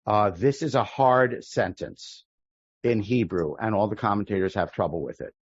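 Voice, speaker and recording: A man teaching a prayer-book class as a rabbi, explaining the text line by line in a thoughtful way, often pausing and restarting mid-sentence. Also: lowish voice, slightly rough, dry recording, highs cut off. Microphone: video call.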